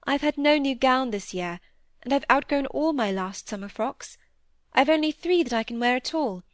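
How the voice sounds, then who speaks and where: A woman reading the part of a curious, lively teenage girl who coaxes and pleads with her father. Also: high voice, normal speed, no echo, clean studio sound. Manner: coaxing, pleading, inquisitive. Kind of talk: audiobook dialogue reading.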